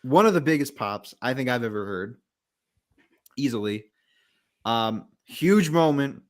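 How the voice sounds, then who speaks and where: A man's voice: medium pitch, expressive, unhurried. A man casually recapping a wrestling match, telling it as a story, acting out quotes and laughing often. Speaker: podcast co-host.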